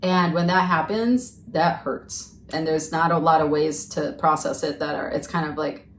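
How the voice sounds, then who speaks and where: Earnest middle-aged woman, low voice, roomy. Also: moderate pace, a little hiss or hum. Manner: earnest, explains at length with lively asides. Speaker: podcast guest, friendship workshop leader. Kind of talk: casual conversational chat. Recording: roomy and a bit far from the mic.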